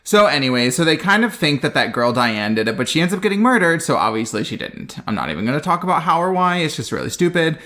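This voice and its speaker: Dry, sarcastic man with a lively voice. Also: a little high, quick pace, hardly any pauses. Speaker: podcast co-host. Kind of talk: casual comedic movie recap.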